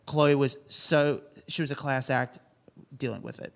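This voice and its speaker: A man's voice: medium pitch, measured pace, gravelly. A man co-hosting a podcast, telling a celebrity anecdote in casual chat and acting out the dialogue. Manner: animated storyteller, acts out quoted dialogue. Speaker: podcast co-host.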